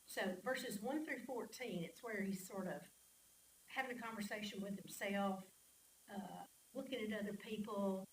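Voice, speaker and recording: A woman's voice: medium pitch, moderate pace. A woman teaching a casual Bible study class in a church, chatting with the class and reading scripture aloud. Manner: conversational, asks the class questions, reads scripture aloud. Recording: echoey room, mic at a distance, faint hiss.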